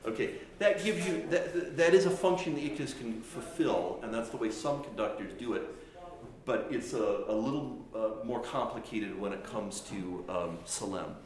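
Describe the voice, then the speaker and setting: Man lecturing in an echoey room. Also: medium pitch. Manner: explanatory, halting with restarts, demonstrates phrases by singing and speaking. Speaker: chant teacher. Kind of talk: classroom lecture. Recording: very echoey room with faint noise.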